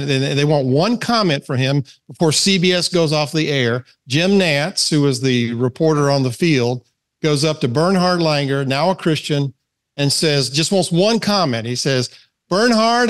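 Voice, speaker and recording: A man leading a men's Bible study, telling a story with animation and then praying slowly. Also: a little high. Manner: animated storyteller, slows down to pray. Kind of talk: storytelling talk and closing prayer.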